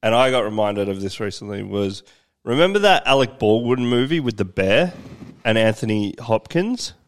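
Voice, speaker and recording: A man's voice: lowish voice, lively intonation, moderate pace. Wry man, casual banter. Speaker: podcast co-host. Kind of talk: casual chat.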